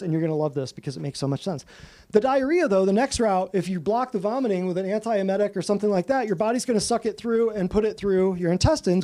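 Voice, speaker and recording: In an office room, a high-voiced natural health practitioner gives a lively lecture to a small live audience. He's animated, quizzes listeners with questions, and jokes and laughs as he teaches.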